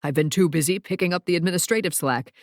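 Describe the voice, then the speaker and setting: A woman's voice: lowish voice, fast talker, no echo, clean studio sound, close to an everyday voice. A woman reading an audiobook, voicing a fussy, dramatic male wizard clerk who speaks in a formal, theatrical way.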